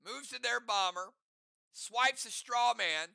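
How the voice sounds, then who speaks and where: A man hosts a live game, calling out each player's turn and timer with lively, teasing banter. His voice sits high and carries a gravelly edge, yet it stays bright and crisp. The sound is dry and close. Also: slow pace, no echo. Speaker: game host calling turns.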